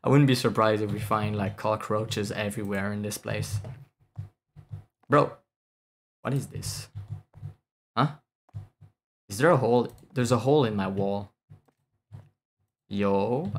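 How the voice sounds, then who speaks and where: A man's voice: lowish voice, slow pace, pauses often. A man, casually commentating a game while streaming, blunt, swearing and laughing often. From France. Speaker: VTuber streamer.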